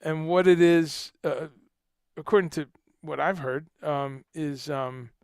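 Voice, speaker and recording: A man hosting a casual livestream chat, animated and joking, who swears casually and greets viewers by name. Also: fairly high pitch, takes it slowly, creaky, clean tone, no echo, studio quality. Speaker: livestream host.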